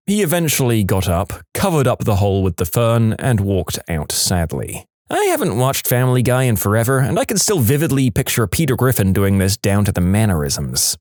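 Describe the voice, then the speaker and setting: A man's voice: mid-range voice, darkish tone, no echo. A man narrating a series of short workplace stories in a scripted voice-over, adding his own dry asides between them.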